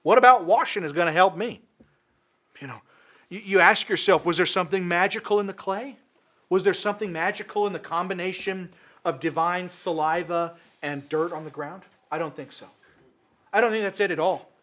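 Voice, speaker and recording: A male preacher delivering a sermon in a high, ringing voice. He hammers his points home with emphatic repetition. His delivery is impassioned throughout. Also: fairly quick, fairly bright tone.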